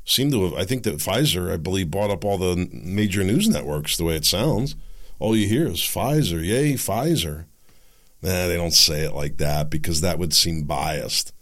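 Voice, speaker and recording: Male host, political rant, sarcastic, exasperated, gravelly voice, very lively pitch. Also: moderate pace.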